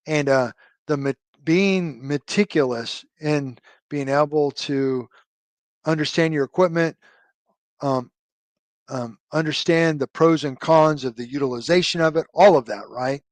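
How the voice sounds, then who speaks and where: A middle-aged man, a retired army officer, tells long stories in an interview. He rambles, with lots of fillers and tag questions. His voice sits fairly high, and the sound is dry and close. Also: unhurried, dry recording. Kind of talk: conversational storytelling interview.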